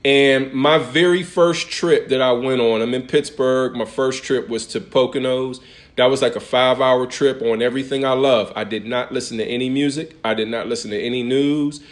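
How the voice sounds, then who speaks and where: A man's voice: medium pitch, steady tone, moderate pace. A man with an ordinary mid-range voice, talking through his experience in a casual interview. He is earnest and drives points home by repeating phrases. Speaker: insurance agent guest.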